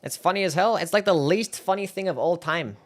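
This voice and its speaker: A man's voice: high-pitched, brisk. Swearing, self-mocking young streamer guy. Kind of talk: live reaction stream.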